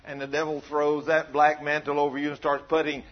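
Folksy preacher guy, high husky voice, chatty sermon, dull lo-fi recording. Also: monotone, a little fast. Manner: folksy, conversational, joking with the congregation.

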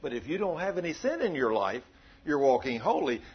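A man's voice: fairly high pitch, very animated, a little fast, husky, muffled recording. A man preaching a sermon in a folksy, conversational way, joking with his congregation.

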